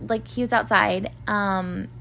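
A woman's voice: mid-range voice, steady tone, unhurried, bright, forceful tone, a little hiss or hum. A young woman hosting a podcast, telling a personal story in a rambling, casual way, full of fillers and swearing. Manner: rambling, filler-heavy, swears freely, acts out voices of others. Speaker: podcast host.

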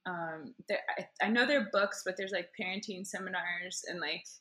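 Woman, 30s, crisp bright tone, rambling, giggly, casual podcast guest. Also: fairly low pitch, moderate pace. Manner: rambling, giggly, many fillers. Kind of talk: casual chat.

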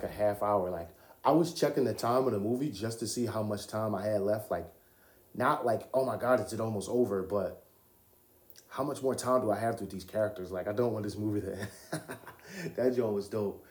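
Young man, podcast host, low voice, casual and profane, laughs a lot, echoey room. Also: a little mellow. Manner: loose, profane, laughs often. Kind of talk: casual solo podcast talk. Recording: roomy echo.

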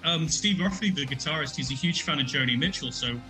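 A man on a podcast, a musician, talking through a song in a loose, animated way with lots of restarts. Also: a little high, quick pace, soft background music, low-quality recording. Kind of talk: casual music discussion.

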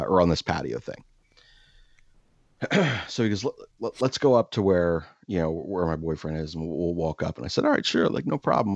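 Deep-voiced man telling a rambling comic story. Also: darkish tone, dry recording, dull audio. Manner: rambling, self-deprecating, jumps into exaggerated quoted voices.

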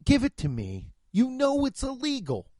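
A man's voice: very high voice, huge pitch swings, moderate pace, darkish tone, no echo, clean studio sound, voice pushed up, exaggerated voice. A man doing a barking, insulting cop. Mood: scolding. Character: gruff male cop scolding a man.

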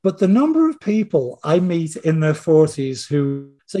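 A man with a slightly higher voice talks as a podcast guest, wandering through anecdotes. He stops and restarts his sentences often and is chatty and informal. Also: very animated, a little slow, dark tone. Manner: rambling, anecdotal, self-interrupting. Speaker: screenwriter guest. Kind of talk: casual interview chat.

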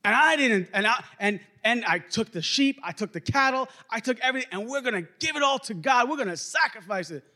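A man's voice: expressive, brisk, hardly any pauses, full character voice. A man voicing a cheerful, self-satisfied king who is proud and defensive in a retold scripture story. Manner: high bright buddy-like eagerness.

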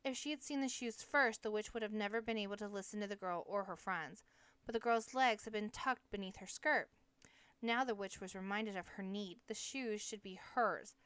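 A woman narrating a novel as an audiobook in a steady, measured reading. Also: medium pitch, smooth, no room sound. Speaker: audiobook reader.

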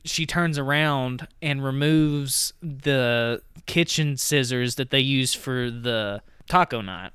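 Bright, crisp-voiced man recapping a movie. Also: medium pitch, dry recording, studio quality. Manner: rambling, heavy on "like" and "you know". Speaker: podcast co-host.

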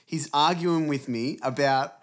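A young man in casual chat, telling animated, sweary stories and acting out his father. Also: a little high, measured pace.

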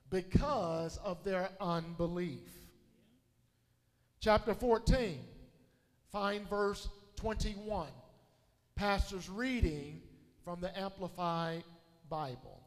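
High-pitched, slow-preaching man pastor. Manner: call-and-response preaching, rising to shouts. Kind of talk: sermon. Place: church sanctuary. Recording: long hall reverb.

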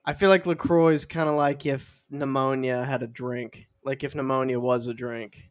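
A man's voice: medium pitch, flat delivery, normal speed. A young man co-hosting a podcast, chatting casually and acting out silly made-up scenes. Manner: goofy, riffing, acts out silly scenes. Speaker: podcast co-host. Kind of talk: casual chat.

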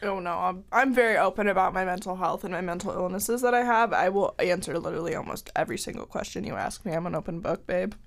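A woman's voice: lowish voice, fast, gravelly, few pauses. Candid woman chatting on a podcast. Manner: candid, frequent "like" fillers. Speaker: podcast host. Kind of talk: casual podcast chat. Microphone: podcast microphone.

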